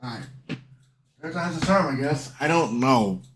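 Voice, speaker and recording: A male streamer chats in a loose, tired, rambling way, often tripping over his own words. His voice swings widely up and down in pitch. Faint game music plays underneath. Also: lively intonation, moderate pace. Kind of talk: casual live-stream chat.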